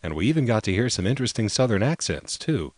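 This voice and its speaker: A man hosting a show of vintage telephone recordings, narrating in an unhurried way with a fondness for technical detail. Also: fairly low pitch, big pitch swings, darkish tone, no echo. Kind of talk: relaxed narration.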